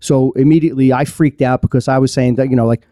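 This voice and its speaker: A man's voice: mid-range voice, steady tone, quick pace, mellow, no echo, clean studio sound. A man hosting a podcast, telling a story in casual chat and laughing often. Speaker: podcast host.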